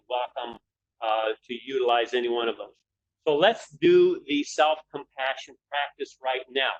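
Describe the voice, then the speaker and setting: A man leading a webinar, guiding listeners through breathing and relaxation steps in a calm, unhurried way, repeating his cues in threes. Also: a little high, highs cut off. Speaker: webinar presenter leading a stress exercise. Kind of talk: guided breathing instruction.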